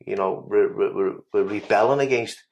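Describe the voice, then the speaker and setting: A man, sitting as a podcast guest and telling his story in a blunt, sweary way. His voice sits a little low. He stumbles and restarts his words as he pushes on through the tale. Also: fairly even intonation, normal speed, vocal fry, darkish tone, dull audio. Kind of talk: casual storytelling interview.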